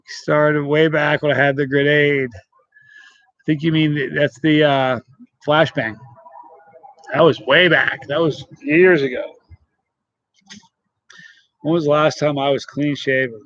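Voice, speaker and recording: A man's voice: on the high side, steady tone, slow, pauses often, a bit bright, no echo, dull audio. Chatty man greeting live-stream viewers. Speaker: channel host reading live chat. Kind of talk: casual live-stream chat.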